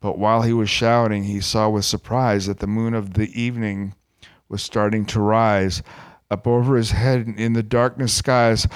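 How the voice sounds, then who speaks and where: A man's voice: on the low side, normal speed, smooth, no echo. Playful man reading a bedtime story. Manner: playful, deadpan asides.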